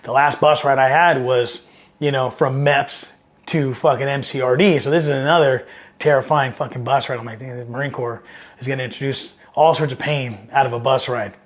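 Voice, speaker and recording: A man's voice: medium pitch, steady tone, normal speed. A middle-aged man from Southern California, a Marine veteran telling war-era stories in a casual, profane, rambling way, livening up when he quotes others. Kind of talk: casual storytelling interview.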